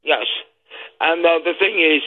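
An excitable man from Brooklyn calls in to argue sports, often talking over the host. His fairly high voice comes through a tinny, narrow phone line. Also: a little slow. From Brooklyn, New York. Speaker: caller. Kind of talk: call-in sports talk. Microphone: telephone.

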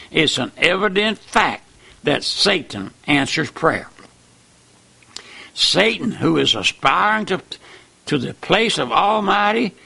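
A man preaching a fervent sermon, emphatic, with wide swings in loudness. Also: on the high side, gravelly, breathy edge.

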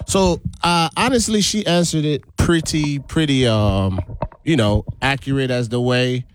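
A man's voice: medium pitch, a little slow, a little hiss or hum. A man in his forties from the US Virgin Islands, hosting a radio talk show and telling stories casually, laughing often. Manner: storytelling with laughter and fillers. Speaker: radio host.

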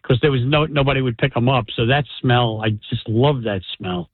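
A man's voice: medium pitch, fairly quick, no echo. A man in his seventies calling a radio show, chatting fondly about the old days. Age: 70s. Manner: chatty, reminiscing. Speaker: caller. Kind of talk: phone call to radio. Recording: tinny phone line.

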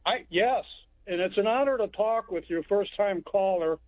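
Plainspoken Texas caller on a phone line. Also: male voice, high voice, dry recording. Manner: plainspoken, rambling, halting restarts. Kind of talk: phone-in storytelling.

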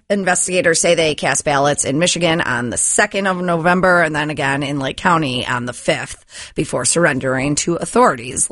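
Lively-voiced woman reading radio news. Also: deep voice, no room sound, studio quality. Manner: reads quickly, then laughs and chats. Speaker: news reader on radio show. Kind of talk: reading news headlines between casual banter.

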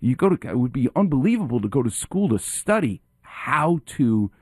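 A man's voice: mid-range voice, big pitch swings, normal speed, a little mellow, no room sound. An enthusiastic male radio host breaks down a clip with emphatic, explanatory commentary. His voice sits in the middle range and is recorded on a dry, close studio mic.

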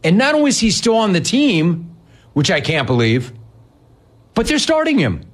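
Husky guy doing a sports rant, sarcastic, voice swings up and down a lot. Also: sits high, huge pitch swings, moderate pace. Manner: sarcastic, mocking, incredulous. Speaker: sports talk host.

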